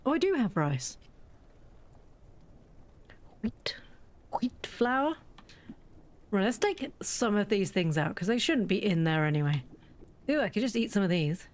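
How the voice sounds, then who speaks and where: In a medium-pitched, sing-song voice with a darkish tone, this woman talks a little fast. Her let's-play of a farming game is casual and chatty, full of thinking aloud and self-mockery.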